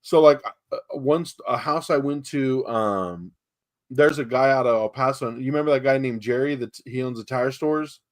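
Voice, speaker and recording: A man's voice: medium pitch, moderate pace. A man from San Antonio, Texas, telling rambling stories about real estate deals in a casual podcast chat, acting out the dialogue. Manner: rambling storyteller, acts out quoted dialogue, many fillers.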